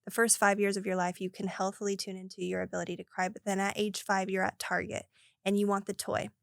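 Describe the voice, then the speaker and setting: Fast-talking woman coach, dry close sound. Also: mid-range voice, gravelly, no room sound. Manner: animated, acts out little voices while explaining. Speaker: podcast guest, breathwork coach. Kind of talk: casual interview talk.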